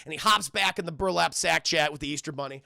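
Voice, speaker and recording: Man, high voice, heavy vocal fry, bright, animated crude film recap to a chat. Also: fast talker, no echo, studio quality. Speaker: streamer reviewing a film. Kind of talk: casual profane retelling to a live chat.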